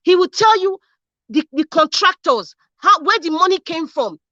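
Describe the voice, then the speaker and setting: A woman's voice: extremely high pitch, expressive, moderate pace, bright, forceful tone, no echo. A young Nigerian woman from Edo State hosting a political commentary vlog, angry and fiery, firing off rhetorical questions and repeating herself. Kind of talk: impassioned political rant. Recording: dull lo-fi sound.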